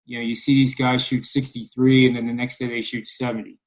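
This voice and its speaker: A sports betting analyst from Philadelphia rambles through his picks in a casual podcast conversation, full of ums and uhs and wry asides. His mid-range voice is completely flat, and he talks briskly. The audio quality is poor.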